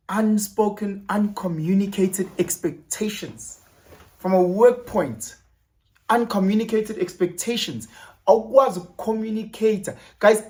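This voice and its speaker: A man's voice: on the high side, a little mellow. A man with a South African accent giving a motivational monologue, emphatic and repeating key words, slipping in Zulu phrases and swearing. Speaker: motivational vlogger.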